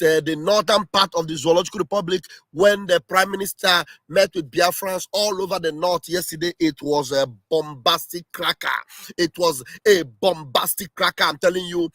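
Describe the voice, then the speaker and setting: A man hosting a livestream, speaking with fervent, repetitive exclamations that often rise to shouting. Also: sits high, dry recording. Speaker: livestream host. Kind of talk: impassioned political livestream commentary.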